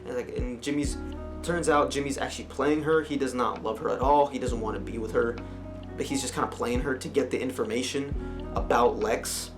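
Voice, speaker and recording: A man's voice: mid-range voice, steady tone, a little fast. A man giving a casual, rambling movie review with many fillers and restarts. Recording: music playing clearly behind.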